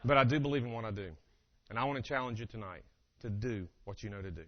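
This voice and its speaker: A man giving a humorous motivational keynote, telling family stories in an animated way and acting out the dialogue. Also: fairly low pitch, fast, background noise. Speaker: keynote speaker. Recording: dull lo-fi live recording.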